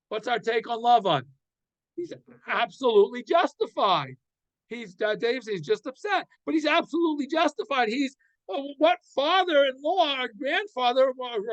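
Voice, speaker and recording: A man's voice: very high voice, a bit bright, no room sound, rough recording. A man giving a weekly Torah class, translating Hebrew verses line by line and explaining them. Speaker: Torah teacher.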